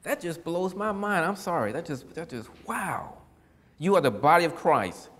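A man delivers a down-to-earth sermon in an easygoing, folksy manner, chuckling at his own lines. His voice swings widely in pitch as he gets animated. The sound carries a long reverb, like a church hall. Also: moderate pace. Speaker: preacher. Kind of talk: casual sermon.

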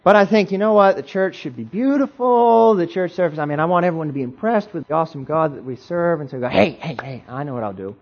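Playful man preaching a lively sermon. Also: sits high, quick pace, few pauses. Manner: animated, playful, asks the congregation questions. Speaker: pastor. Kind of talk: interactive sermon. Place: church. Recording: dull lo-fi recording.

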